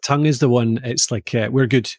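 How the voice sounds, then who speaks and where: A Scottish man co-hosting a podcast, easily explaining voice warm-ups and playfully demonstrating vowel sounds. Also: mid-range voice, steady tone, a little fast, dry recording, studio quality. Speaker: podcast co-host explaining voice skills. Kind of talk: casual podcast chat.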